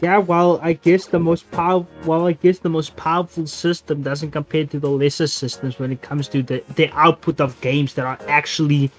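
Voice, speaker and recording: A man's voice: on the high side, level tone, normal speed, hardly any pauses, faint music behind. A man chatting bluntly and profanely as a friend on a gaming stream. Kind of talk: casual gaming stream chat.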